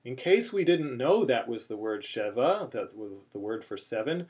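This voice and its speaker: A man teaching a chanting lesson, talking slowly through many fillers and restarts, then breaking into short chanted phrases. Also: mid-range voice, lively intonation, darkish tone. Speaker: cantillation teacher. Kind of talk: chanting lesson, spoken explanation with chanted examples. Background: phone ringing in the background.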